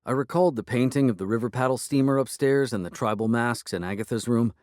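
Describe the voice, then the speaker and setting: A man narrating a first-person audiobook in a measured storytelling manner. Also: mid-range voice, a little mellow, dry recording, clean studio sound.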